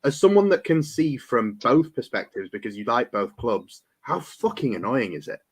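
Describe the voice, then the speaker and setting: A man's voice: medium pitch, very animated, moderate pace, breathy edge, low-quality recording. A man hosting a fan podcast, talking in long rambling questions with casual swearing. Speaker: show host.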